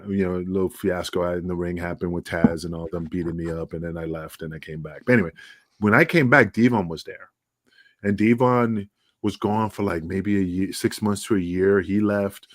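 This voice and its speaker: Animated New man telling stories. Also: low-pitched, dry recording, clean studio sound. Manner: animated, acts out dialogue with raised voice. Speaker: wrestling podcast guest. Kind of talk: casual storytelling interview. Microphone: remote video call.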